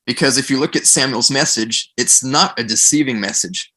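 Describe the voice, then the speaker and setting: A man on a podcast talking about scripture, acting out quotes in a lively storytelling way. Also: mid-range voice, moderate pace, slightly rough. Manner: animated storyteller, acts out quoted voices. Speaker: podcast guest. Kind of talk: casual podcast discussion.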